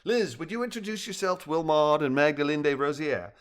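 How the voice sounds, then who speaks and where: A man's voice: fairly high pitch, brisk, lightly acted. A man voicing a hearty, jovial middle-aged husband from Australia in a storybook reading.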